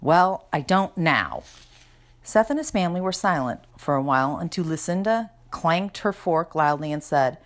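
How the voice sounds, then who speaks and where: A woman's voice: lowish voice, lively intonation, moderate pace, hardly any pauses. A woman reading a children's storybook aloud in a chatty first-person narration. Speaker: reader.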